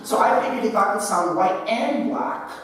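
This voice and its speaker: Keynote speaker, man in his thirties, animated storyteller, high-pitched, heard from far off in a large hall. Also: moderate pace, slight background noise. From Philippines. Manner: animated storytelling with frequent "right?". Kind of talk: keynote speech.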